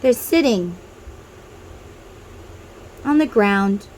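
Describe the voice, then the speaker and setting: A woman's voice: medium pitch, expressive, extremely slow, a little mellow, slight background noise, poor audio. A woman who reads tarot, talking casually to viewers and guiding them through an inner-child meditation, with chatty tangents. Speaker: tarot reader.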